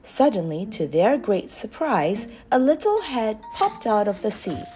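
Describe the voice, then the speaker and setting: A woman reading a children's storybook aloud, expressive and measured. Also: medium pitch, soft background music.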